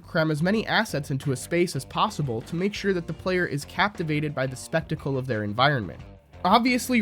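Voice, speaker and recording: Sarcastic man over a faint music bed. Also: on the high side. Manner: sarcastic, critical. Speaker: video essayist. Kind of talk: scripted commentary.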